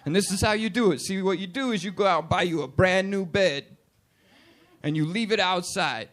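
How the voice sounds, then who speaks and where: A man's voice: high-pitched, a little fast. A man in his late twenties doing a profane, punchy stand-up comedy set in a bar. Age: 20s. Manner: profane, loud, punchy delivery with put-on voices. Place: bar stage with live audience.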